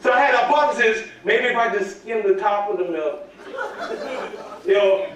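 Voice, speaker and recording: Man, very high voice, storytelling workshop speaker, quizzes the audience, distant mic, echoey hall. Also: moderate pace, some chatter behind. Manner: animated, calls for audience answers. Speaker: motivational speaker at student workshop. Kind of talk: storytelling talk to a live audience. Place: large hall at a live event.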